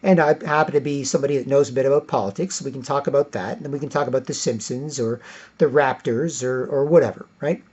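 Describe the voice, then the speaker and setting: A man's voice: medium pitch, quick pace, a little mellow, husky, highs cut off. A man delivering a rambling, repetitive political rant as a vlogger.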